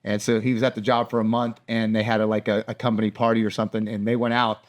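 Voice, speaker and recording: A middle-aged man co-hosting a podcast in casual chat, telling lively stories and acting out other people's voices. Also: fairly low pitch, fast talker. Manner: animated storyteller, acts out voices. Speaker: podcast co-host.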